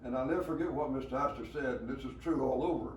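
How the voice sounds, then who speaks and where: A man's voice: mid-range voice, quick pace. Elderly Southern man telling old stories. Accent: Southern American. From rural Alabama. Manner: rambling storyteller, many hesitations and chuckles. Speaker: veteran being interviewed. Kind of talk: storytelling interview. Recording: roomy, from a distance, faint background noise.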